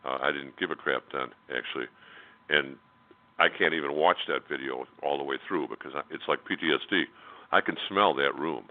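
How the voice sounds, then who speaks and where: A man's voice: rumbling low, a little fast. A man telling a personal story as a radio interview guest, in a candid, blunt way with many fillers and restarts. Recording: tinny phone line.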